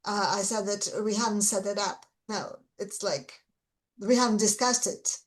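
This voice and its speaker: A woman's voice: medium pitch, fairly even intonation, normal speed, rough recording. A Russian-accented woman, an English teacher, explaining things earnestly and stressing her key words in casual conversation.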